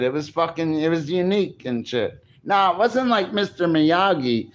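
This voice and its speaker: A man's voice: a little high, animated, moderate pace, hardly any pauses, highs cut off. A man vlogging in a casual, rambling monologue, boastful and crude, often breaking into laughter.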